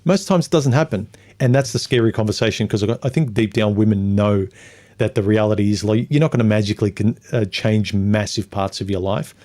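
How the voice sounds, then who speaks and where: A man with a dark, mellow voice hosts a casual livestream. He reads viewer comments aloud and rambles through his answers, now and then mocking other people in put-on voices. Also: on the low side, fairly even intonation, a little fast.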